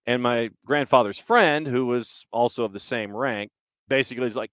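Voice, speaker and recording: A man hosting a podcast, telling a story in an unhurried, conversational way with a few restarts. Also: mid-range voice, a bit bright, no room sound, clean studio sound. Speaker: podcast host.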